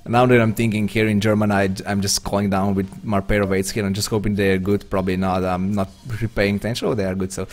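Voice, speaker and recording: A man's voice: fairly low pitch, little pitch movement, fast talker, hardly any pauses. A man chatting loosely with viewers while streaming an online poker game, rambling and self-deprecating. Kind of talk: live-stream chat while playing.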